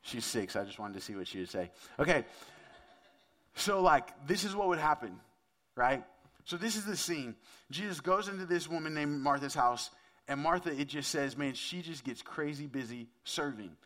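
Fairly high-pitched and animated, with a fairly bright tone, a man preaches at normal speed. His sermon is relaxed and conversational, and he often asks the audience questions.

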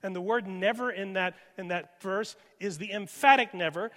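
A male pastor preaching a sermon with dynamic delivery, moving from loud emphasis to hushed near-whispers. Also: sits high, moderate pace, few pauses. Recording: reverberant hall.

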